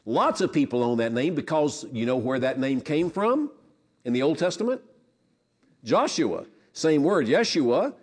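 A man's voice: a little high, sing-song, unhurried, a little mellow, breathy edge. A man teaching a Bible lesson, earnest, repeating words and putting questions to his listeners.

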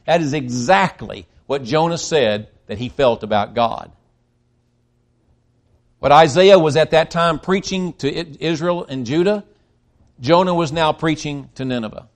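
A man preaching a sermon, emphatic and swinging between loud stresses and quiet drops, with frequent restarts. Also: medium pitch, a little slow, long pauses. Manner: emphatic, rising and dropping in volume, with restarts.

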